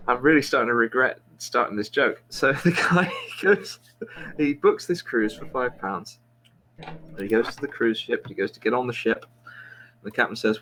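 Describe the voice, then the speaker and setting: A man's voice: mid-range voice, moderate pace, sharp tone, rough recording. A man tells a long joke among friends, wandering off track and chuckling at his own story. His voice sits in a middle register. A faint hiss runs underneath. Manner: meandering, self-interrupting, chuckles at own joke. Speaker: quiz show host.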